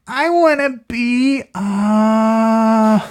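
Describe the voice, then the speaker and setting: A storyteller voicing a restless young male bunny who keeps wanting to be a different animal, stretching out and shouting the name of each new animal. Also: mid-range voice, clear, resonant tone, voice pushed up. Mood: whiny, wishful. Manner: drawn-out, rising shouts on the final animal name.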